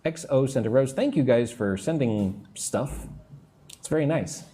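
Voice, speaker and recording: A male English teacher giving a live-streamed lesson. He speaks slowly and patiently and stretches out his words. His intonation swings up and down a lot as he reads out comments from viewers. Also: medium pitch, lively intonation, mellow, a little hiss or hum. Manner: drawn-out, patient teacher delivery.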